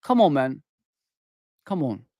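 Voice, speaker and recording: A man's voice: fairly high pitch, sing-song, slow pace, a little mellow, no room sound, studio quality. A man hosting a football fan channel, ranting heatedly and repeating "man" and "people" at his listeners. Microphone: desk microphone.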